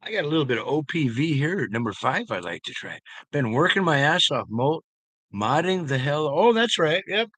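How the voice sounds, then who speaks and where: A man's voice: fairly high pitch, big pitch swings, normal speed, a bit bright, dry recording. A man chatting casually with his viewers, telling loose, profane stories and chuckling along as he rambles.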